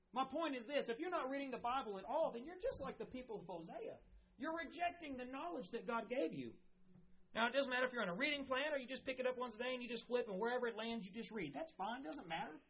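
A woman's voice: high voice, a little hiss or hum. A woman pastor preaching a sermon in an earnest, conversational way, reading scripture aloud and correcting herself as she goes. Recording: dull lo-fi sound.

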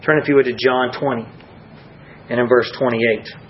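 A man preaching a sermon to a congregation, rising to emphatic peaks and dropping to hushed low lines. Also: fairly even intonation, normal speed, highs cut off, slight background noise.

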